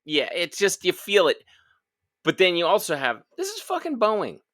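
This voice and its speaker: A man's voice: high-pitched, wildly swooping pitch, moderate pace, a bit bright. A man co-hosting a casual sports podcast, cracking jokes in a laid-back way. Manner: wisecracking, laid-back joker. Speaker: podcast co-host. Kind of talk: casual chat.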